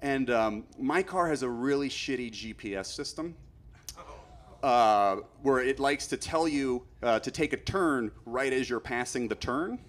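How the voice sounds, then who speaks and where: A man telling a long comic story on stage, rambling and growing loud and frantic as he acts out his panic. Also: mid-range voice, animated, measured pace. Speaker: stand-up comedian. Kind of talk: stand-up storytelling.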